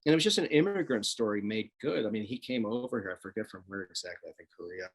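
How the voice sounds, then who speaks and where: A man in casual chat, an animated storyteller who laughs often, from the Washington DC area. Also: lowish voice, fast, breathy edge. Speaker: guest.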